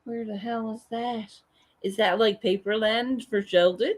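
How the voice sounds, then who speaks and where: A woman's voice: fairly high pitch, fairly even intonation, slow, pauses often. A woman hosting a casual livestream, joking and swearing freely as she chats with viewers. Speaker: livestream host.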